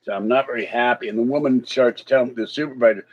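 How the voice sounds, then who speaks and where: A man's voice: medium pitch, steady tone, quick pace, a little mellow. A man vlogging in a casual, rambling way, chatting and complaining about his day. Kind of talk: casual chat to camera. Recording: slightly dull lo-fi sound.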